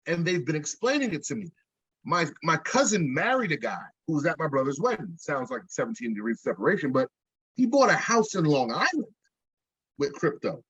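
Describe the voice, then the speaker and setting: A man with a husky, fairly high voice, telling a long story over a video call in a rambling, jokey way, cursing freely and often starting sentences over. The sound is close and dry, and the call audio is a little dull. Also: very animated, brisk, a bit bright, no echo. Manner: profane, rambling, jokey storytelling with many restarts. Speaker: rapper and interview guest. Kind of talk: casual storytelling.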